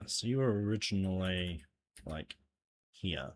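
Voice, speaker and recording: A man's voice: low voice, measured pace, a little hiss or hum. A man chatting casually while working on his game live, often laughing and muttering to himself. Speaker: game developer streaming his jam entry.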